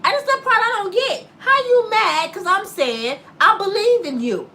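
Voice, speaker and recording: A woman's voice: very high-pitched, lively intonation, normal speed, bright, forceful tone. A woman in her fifties who hosts her own vlog and delivers a sassy, preachy comedic rant straight at her viewers. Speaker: vlogger host.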